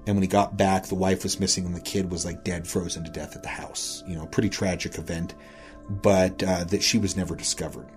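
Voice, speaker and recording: A man's voice: deep voice, flat delivery, a little fast, faint music behind. A man from Wyoming earnestly retelling a secondhand ghost story in a casual podcast chat. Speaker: podcast host and guest storyteller.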